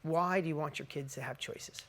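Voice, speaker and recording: A middle-aged man with a slightly higher than usual voice tells a personal story to an audience of listeners. He speaks earnestly and with feeling. He acts out the conversations he recounts as he goes. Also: moderate pace, fairly bright tone. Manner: earnest and emotional, acting out quoted dialogue. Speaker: motivational speaker.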